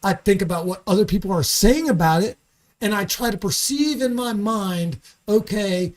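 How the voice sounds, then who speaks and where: A man's voice: sits high, moderate pace. A man as a podcast guest in a studio, talking in an angry, profane rant and often restarting his sentences. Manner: repeats words and restarts sentences. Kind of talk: casual podcast conversation.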